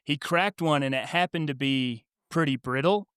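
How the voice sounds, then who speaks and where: A man's voice: on the high side, normal speed, a bit bright, smooth, no room sound, studio quality. A man co-hosting a book podcast, telling a family story in casual chat with frequent laughs. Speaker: podcast co-host.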